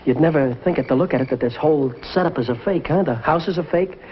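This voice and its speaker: A man's voice: on the high side, fast. A man acting the lead in an old sitcom, eager and bossy. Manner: eager, bossy pep talk. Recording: muffled old TV sound, audience and noise.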